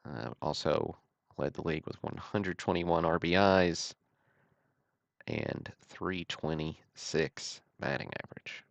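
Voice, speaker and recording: A man hosting a livestream, calling out trading cards one after another in a steady, matter-of-fact way with dry self-deprecating asides. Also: a bass voice, takes it slowly, vocal fry, dry recording. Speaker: host of a card-break livestream.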